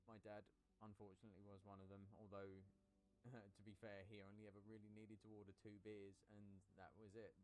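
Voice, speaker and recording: A man's voice: fairly low pitch, little pitch movement, a little fast. A man streaming a game, reading its text aloud in put-on voices, swearing casually between lines. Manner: shouts out workout cues. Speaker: gaming and fitness streamer. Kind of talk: casual gameplay commentary.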